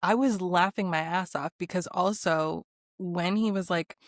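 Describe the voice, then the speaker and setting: A woman's voice: fairly low pitch, measured pace, dry recording, clean studio sound. A woman guesting on a casual podcast, retelling gossip expressively with swearing and frequent laughter. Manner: expressive, laughing, profane storytelling. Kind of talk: casual chat.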